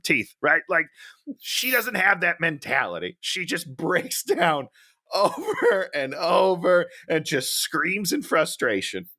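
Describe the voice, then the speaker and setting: A man's voice: on the high side, takes it slowly, dry recording, studio quality. A man co-hosting a podcast in a casual movie review chat, telling stories with animation and laughing often. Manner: animated storyteller, acts out quotes, laughs often. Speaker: podcast co-host.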